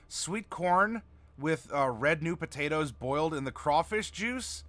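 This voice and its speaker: A man's voice: a little high, animated, unhurried, a bit bright. Chatty man hosting a game stream. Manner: chatty, reads viewer chat aloud. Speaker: game master and stream host. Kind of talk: casual livestream chat.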